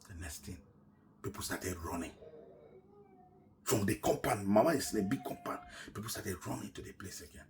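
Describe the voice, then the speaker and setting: A middle-aged man with a Nigerian English accent recounts a personal story in a fairly low voice. He acts out the voices he quotes, going loud and high for them, then sinks to hushed, near-whispered narration. A faint hiss of background noise sits under the recording. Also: brisk, pauses often. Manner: animated retelling, shouts quoted lines then drops to a near-whisper.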